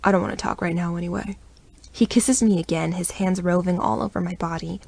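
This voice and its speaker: Woman reading a romance audiobook, low voice with lots of fry. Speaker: audiobook narrator. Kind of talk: first-person romance audiobook narration.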